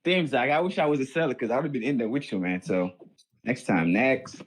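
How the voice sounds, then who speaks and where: Husky animated man with a Boston accent. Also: mid-range voice, fairly quick, low-quality recording. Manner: animated, chanting and coaching. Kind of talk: live trading stream chat.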